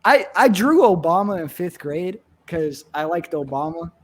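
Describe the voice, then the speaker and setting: A man's voice: a little high, expressive, a little slow. A young man in casual chat with friends, swearing and laughing through his stories.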